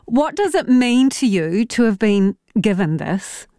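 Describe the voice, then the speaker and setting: A woman's voice: a little high, big pitch swings, unhurried, mellow, no echo, studio quality. A woman hosting a radio interview, asking questions in a playful, teasing way. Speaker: radio host. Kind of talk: casual interview.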